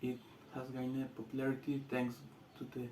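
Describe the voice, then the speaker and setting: A man with a Latin American Spanish accent, a student giving a class presentation in halting English with restarts. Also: medium pitch, monotone, dark tone, reverberant, a little hiss or hum, rough recording.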